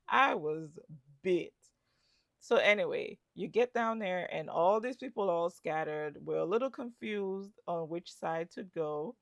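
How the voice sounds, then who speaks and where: Gravelly low-voiced woman vlogger. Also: lively intonation, measured pace, no room sound, clean studio sound. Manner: chatty, storytelling with asides. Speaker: travel vlogger. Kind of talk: casual travel vlog narration.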